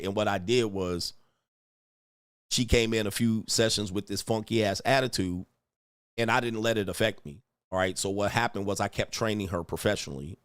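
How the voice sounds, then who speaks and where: A man's voice: lowish voice, no room sound. Profane, laughing man telling stories. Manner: profane, laughs often, acts out quoted voices; checks in with "all right?" and "right?". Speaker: streamer and fitness coach. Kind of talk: casual opinion rant and storytelling. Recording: dry close mic.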